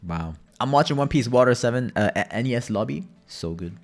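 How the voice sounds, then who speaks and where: A man's voice: mid-range voice, expressive, brisk, a little mellow, faint music behind. A young man streaming a game, chatting and telling rambling stories with plenty of swearing. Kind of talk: casual gaming commentary.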